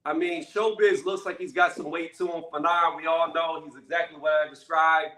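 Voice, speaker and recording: A man with a high, tense, bright voice delivers a blunt commentary rant, pressing each point and tagging it with "okay?" or "right?". The sound is roomy and echoing, with the mic set back from him. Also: fairly even intonation, normal speed. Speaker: channel host. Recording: echoey room, mic at a distance.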